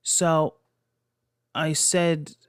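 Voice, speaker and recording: A man hosts his own podcast and recounts a strange true tale in loose, animated, swear-heavy storytelling. His voice sits a little higher than most men's. The sound is dry and close, with no room echo. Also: very slow, clear, resonant tone. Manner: profane, animated, incredulous. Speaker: podcast host. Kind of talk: casual storytelling.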